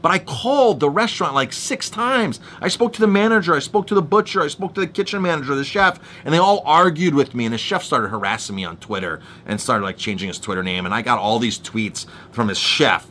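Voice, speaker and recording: A man's voice: a little high, brisk, few pauses, slight background noise. A man telling a heated story in a casual monologue, with many restarts, acting out the people he argued with. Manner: animated storytelling, restarts, acts out quoted exchanges.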